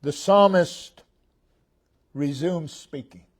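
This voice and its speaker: An American man preaching a sermon, slow and emphatic, repeating short phrases and swinging between loud declarations and hushed tones. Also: a little high.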